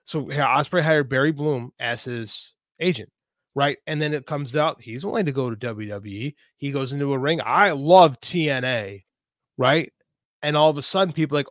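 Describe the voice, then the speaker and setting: A man co-hosts a podcast in a mid-range, fairly bright voice, ranting emphatically about his opinions in casual conversation. He's animated and speaks at a moderate pace, recorded cleanly in a dry studio.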